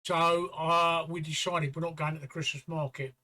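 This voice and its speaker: Sweary older man with a bright voice. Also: a little high, level tone, normal speed. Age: 50s or 60s. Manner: blunt, sweary storytelling. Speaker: stream co-host. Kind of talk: casual livestream chat.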